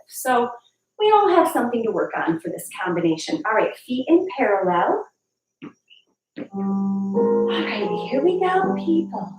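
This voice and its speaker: A fairly high-voiced woman teaches a ballet class, chatty and encouraging, counting aloud while she dances along and gets a bit out of breath. She sounds far from the mic in a roomy, echoing studio. Piano class music plays clearly behind her. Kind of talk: live online dance class instruction. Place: dance studio, large room. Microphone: far camera mic. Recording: echoey room, far from the mic. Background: piano class music playing.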